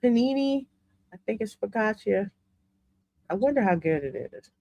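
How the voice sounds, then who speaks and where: A woman's voice: medium pitch, moderate pace, no room sound. Sassy Southern woman host, dry sound. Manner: sassy, animated, laughing often. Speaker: host reacting to videos. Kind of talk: casual reaction commentary.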